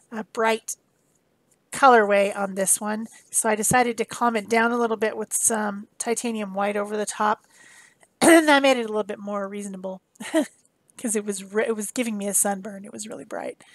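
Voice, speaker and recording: A woman's voice: medium pitch, dry recording. Chatty woman explaining her art process. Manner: chatty, rambling, self-correcting. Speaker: art instructor. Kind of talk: casual craft demonstration voice-over.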